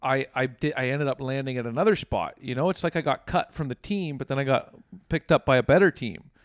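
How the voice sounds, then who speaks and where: A man's voice: mid-range voice, a little fast, dry recording, clean studio sound. Canadian man spinning profane rambling stories. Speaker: podcast co-host. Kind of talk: casual comedic chat.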